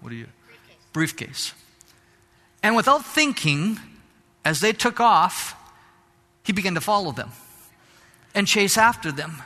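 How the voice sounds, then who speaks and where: A man pastor delivers a fervent sermon, climbing to shouts and dropping into Spanish phrases now and then. His voice sits high and bright. It rings out with a long hall reverb behind it. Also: sing-song, a little slow, pauses often. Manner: fervent preaching, rising to shouts.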